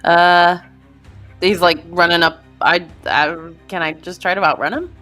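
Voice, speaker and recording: A young woman playing a tabletop game who asks quick, hesitant questions about what her character can do. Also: on the low side, steady tone, a bit bright, soft background music. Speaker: player. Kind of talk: casual tabletop play.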